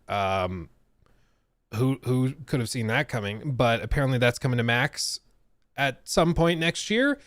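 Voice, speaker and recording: Male stream host: slow, animated delivery, wry asides, dry close sound. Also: on the high side, clear, resonant tone, dry recording. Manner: chatty, relaxed, with fillers and wry asides. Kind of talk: casual live-stream chat.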